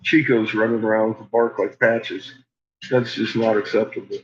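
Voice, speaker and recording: A man's voice: lowish voice, level tone, normal speed, crowd noise. A man at home chatting casually and swearing a lot, laughing often and talking to his barking dogs. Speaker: vlogger. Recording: dull lo-fi home recording, faint noise.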